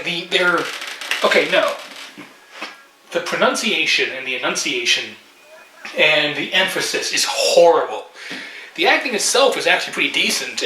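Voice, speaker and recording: A man's voice: fairly high pitch, pushed and bright, slight background noise. A man giving a casual, joking reaction review of a movie, sarcastic and rambling. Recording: roomy echoey room.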